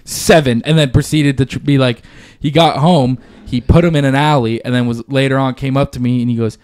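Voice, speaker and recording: A man's voice: medium pitch, steady tone, fairly quick, a little mellow. A man on a podcast in casual chat, telling rambling stories with a lot of laughter and swearing. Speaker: podcast host.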